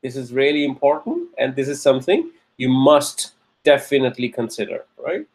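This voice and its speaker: A man teaching Arabic grammar in a classroom lecture, patiently checking in with frequent "okay?" and slowing down to stress key terms. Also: mid-range voice, expressive, a little mellow.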